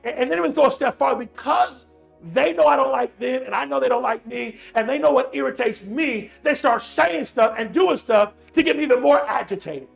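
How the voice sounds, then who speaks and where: Male motivational speaker, high gravelly voice, animated and repetitive, addresses the audience directly. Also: brisk, faint music behind. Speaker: motivational speaker on emotional intelligence. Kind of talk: motivational talk with personal story.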